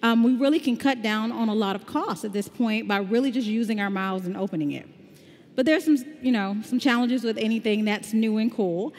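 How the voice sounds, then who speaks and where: A woman's voice: on the high side, fairly quick, darkish tone. Woman with a slight Southern drawl presenting. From Southern United States. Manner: upbeat, conversational, explaining step by step. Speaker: tech conference presenter. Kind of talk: conference talk with live demo. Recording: long hall reverb.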